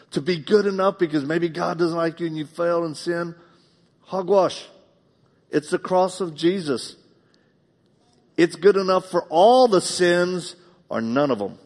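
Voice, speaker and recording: A man preaching a live sermon in a church, telling personal stories heartfelt, moving between loud, emphatic bursts and hushed, quiet passages. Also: high voice, measured pace. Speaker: pastor. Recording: long reverb of a large hall.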